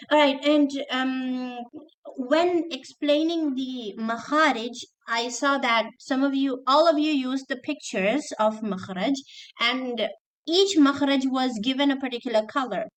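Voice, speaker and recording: A woman's voice: high voice, low-quality recording. Woman teacher giving an online lesson. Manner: explanatory, checks with "okay?", mixes in Arabic terms. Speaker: teacher trainer.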